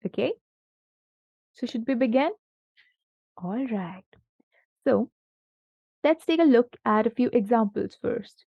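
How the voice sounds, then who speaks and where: Female tutor, fairly high voice, slow and patient with a young pupil, dull lo-fi recording. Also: expressive, creaky, slightly rough, no echo. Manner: patient, encouraging, asks many questions. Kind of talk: one-on-one grammar lesson for a child.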